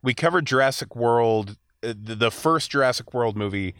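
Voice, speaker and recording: A man's voice: mid-range voice, normal speed, fairly bright tone, clear, resonant tone, no echo, clean studio sound. A man hosting a podcast, giving frank, opinionated movie reviews in casual chat. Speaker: podcast host.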